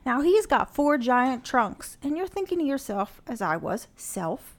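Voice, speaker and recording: A woman co-hosting a comedy podcast, telling stories in an animated, sarcastic way in casual chat. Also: high voice, normal speed. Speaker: podcast co-host.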